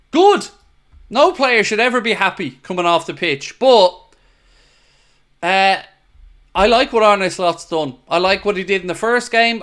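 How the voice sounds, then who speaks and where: A man hosting a live football watchalong, excitable and blunt, swearing freely as he talks. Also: high-pitched, smooth. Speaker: host of a fan watchalong.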